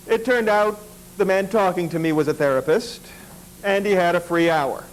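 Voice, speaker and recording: A man's voice: high voice, normal speed, rough recording. A man performing stand-up, telling a long personal story in a dry, self-deprecating way.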